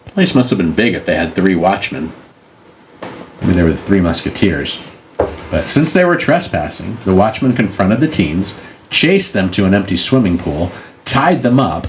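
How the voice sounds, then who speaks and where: A middle-aged man with a low voice, hosting a casual chat and telling local legends with jokes and silly put-on voices. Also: a little hiss or hum. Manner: joking, acts out silly voices in the stories. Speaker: podcast co-host.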